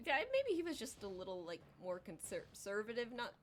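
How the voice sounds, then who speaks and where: A woman's voice: mid-range voice, wildly swooping pitch, a little fast, slight background noise. A young woman chatting casually on a livestream while she draws, rambling and self-deprecating, with lots of filler words and playful exaggerated quotes. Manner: acts out quoted voices in exaggerated tones. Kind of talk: casual chat while drawing on stream.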